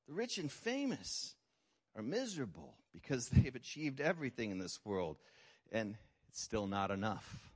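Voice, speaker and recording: A man delivering a sermon in an animated, emphatic way. His voice is of middling pitch. He drops low and soft to make serious points, then leaps up high and loud to mock what people say. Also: moderate pace, slightly rough. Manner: animated preaching, jumps to high mocking voices for effect. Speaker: pastor.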